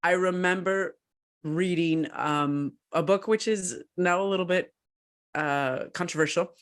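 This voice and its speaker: Animated woman telling a story casually. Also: fairly low pitch, unhurried. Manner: animated, laughs often, acts out quoted voices. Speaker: podcast co-host and researcher.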